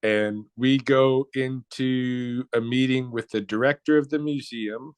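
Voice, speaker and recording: A middle-aged man tells a story in a casual interview. He speaks bluntly and swears freely, with a relaxed, conversational flow and the odd restart. His voice sits in an ordinary middle pitch, recorded dry and close. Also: unhurried, smooth, no echo. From Blackfoot Nation, North America. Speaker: interview guest.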